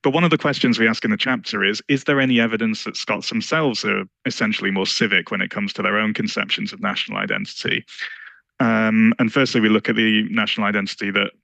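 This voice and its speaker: A man giving an academic slide presentation, explaining survey results in a measured, step-by-step way. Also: fairly low pitch, steady tone, creaky, bright, forceful tone, no echo, poor audio. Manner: measured, explanatory, walks through charts. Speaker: lecturer presenting survey research.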